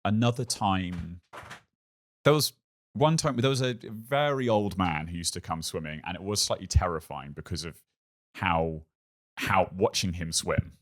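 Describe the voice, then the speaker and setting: A man's voice: low-pitched, a little slow. A man, a podcast guest, telling a funny story in casual chat. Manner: animated, acts out shouted quotes.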